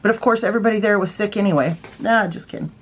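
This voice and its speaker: A woman's voice: medium pitch, rapid-fire, a little hiss or hum. Chatty, playful woman telling stories. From California. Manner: chatty, playful, self-mocking, fond of doing voices. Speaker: vlogger, former nurse. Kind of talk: casual storytelling.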